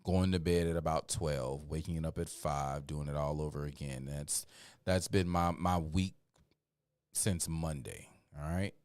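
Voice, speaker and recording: A man hosting a livestream, sounding tired and talking casually, with many fillers and shout-outs. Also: rumbling low, steady tone, measured pace, clean tone, no room sound. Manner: preachy build-up then laid-back rambling. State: tired, yawning. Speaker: livestream host.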